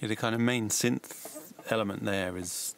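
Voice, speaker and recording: A man, working as a mastering engineer, giving relaxed, hedged feedback on music mixes. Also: fairly low pitch, normal speed. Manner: relaxed, hedging suggestions. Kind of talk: casual spoken feedback.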